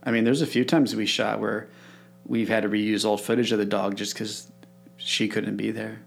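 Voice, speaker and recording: A man's voice: lowish voice, level tone, moderate pace, gravelly. A man hosting a podcast, chatting casually and agreeably, prompting his guest along. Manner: agreeable, encouraging, eager to prompt. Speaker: podcast host. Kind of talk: casual interview chat.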